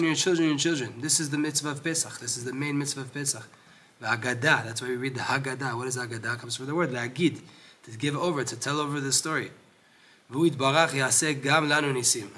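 A man giving a Torah lesson who reads Hebrew passages quickly and explains them in English with frequent restarts. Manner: grows loud and high when animated, drops low when lecturing. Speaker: Torah teacher.

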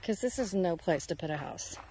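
A woman's voice: on the low side, lively intonation, fairly quick, warm tone, slight background noise. A woman chatting casually to her phone camera while walking outdoors on a neighborhood road, a little out of breath. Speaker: vlogger. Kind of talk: casual walking vlog chat. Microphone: handheld phone camera.

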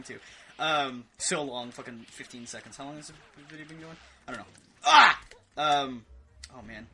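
A young man giving rambling, excitable commentary over a video game, swearing and yelping as he plays. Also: on the high side. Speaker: gaming video host. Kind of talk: rambling let's play commentary.

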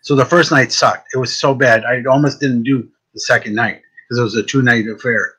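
A man with a fairly deep voice, hosting a casual chat as a psychic medium and telling stories in an animated way, often repeating words as he starts a thought. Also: a little fast, breathy edge, poor audio.

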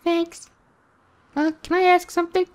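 A man voicing a young woman who has just moved into an old house, reading her lines in a high put-on voice. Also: little pitch movement, a little slow. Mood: polite. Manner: high put-on girlish voice reading dialogue boxes.

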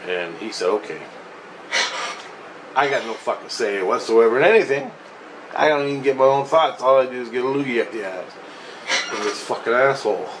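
A man's voice: medium pitch, fairly quick, pauses often, slight background noise, low-quality recording. A man telling a personal story in a rambling, agitated, profane way, restarting often. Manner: profane, agitated, restless retelling with frequent restarts.

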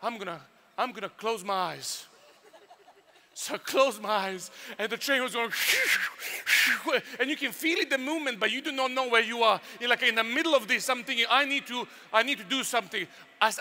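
Serbian guy speaking at a youth workshop, animated storytelling w sound effects, really bright tone. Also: very high-pitched, normal speed, a little hiss or hum.

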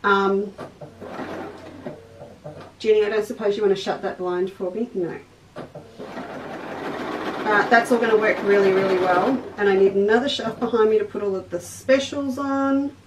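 A woman's voice: medium pitch, fairly even intonation, normal speed, long pauses, distant mic, background noise. Chatty Australian woman hosting a sewing class. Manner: chatty, rambling, talks to viewers by name. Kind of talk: casual livestream craft class. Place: indoor craft studio. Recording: echoey room, voice off-mic.

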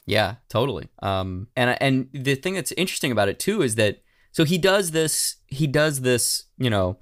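Casual podcast host, dry close sound. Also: male voice, mid-range voice, big pitch swings, normal speed, no echo. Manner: candid, swears freely, many fillers. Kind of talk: casual chat.

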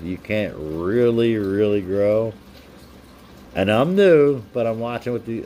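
Mellow-voiced man hosting a live stream. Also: lowish voice, slight background noise. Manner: reads out viewer names and shouts them out, chatty and upbeat. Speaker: livestream host. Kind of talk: casual live-stream chat reading comments.

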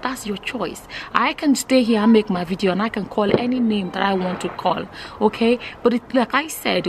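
A woman from Nigeria talking straight to camera in a casual vlog, emphatic and incredulous, often pausing with fillers. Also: a little high, noisy background. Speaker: vlogger.

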